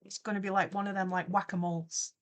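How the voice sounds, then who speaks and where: Woman streamer, young, mid-pitched, chatty and theatrical, mock-villain riffs. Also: little pitch movement, quick pace. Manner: playful, theatrical mock-villain rambling with frequent laughs. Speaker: streamer and animator. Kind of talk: casual livestream chat.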